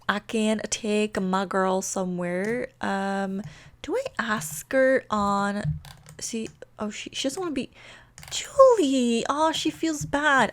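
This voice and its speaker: A woman telling a story as she plays a life-sim game, chatty and giggly, often breaking off mid-sentence. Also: mid-range voice. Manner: chatty, giggly, self-interrupting. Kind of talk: casual gameplay storytelling.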